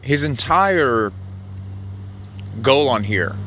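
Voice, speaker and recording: A man's voice: medium pitch, big pitch swings, drawn-out words, fairly bright tone, slight background noise. A man giving casual political commentary, argumentative and sarcastic, rambling as he rebuts a clip.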